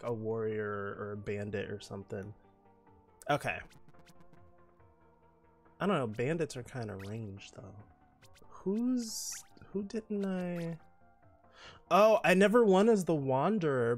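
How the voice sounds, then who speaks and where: A man's voice: mid-range voice, creaky. A man streaming a game, chatting and telling rambling stories in a playful, campy way. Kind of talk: casual game-stream chat.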